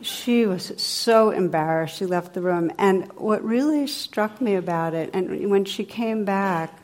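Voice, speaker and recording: A middle-aged woman giving a dharma talk as a meditation teacher, telling stories in a gentle, conversational way. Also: medium pitch, measured pace. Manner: gentle, conversational storytelling with playful sound effects.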